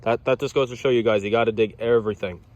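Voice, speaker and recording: A man with a New York accent, narrating his metal detecting finds outdoors in casual, chatty vlog style and getting excitable. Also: medium pitch, fast, dull audio. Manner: excitable, chatty, stumbles over words when thrilled. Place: outdoors in thick brush.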